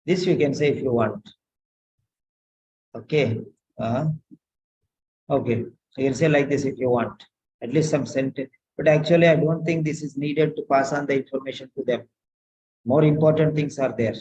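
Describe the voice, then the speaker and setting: A man tutoring nursing students, correcting a written letter aloud, slow and repetitive, often asking pointed questions. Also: mid-range voice, steady tone, dark tone, muffled recording.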